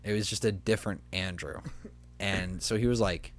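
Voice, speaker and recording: This young podcast co-host speaks low and at a moderate pace during a casual chat. Spinning a story from work, he plays an animated storyteller, voicing each person he quotes.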